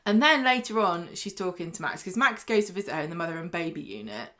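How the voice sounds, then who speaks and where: A woman's voice: fairly low pitch, lively intonation, fast, pushed and bright. Chatty woman co-hosting. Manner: chatty, laughs often, slips into mock accents. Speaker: podcast co-host. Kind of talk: casual chat recapping a soap.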